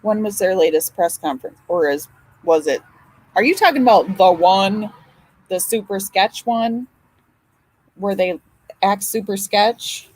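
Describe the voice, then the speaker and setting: Slow-talking emotional woman livestreamer. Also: mid-range voice, animated, a little mellow, husky, low-quality recording. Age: older. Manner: emotional, chatty, swears and apologizes. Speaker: livestream host. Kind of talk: casual livestream chat.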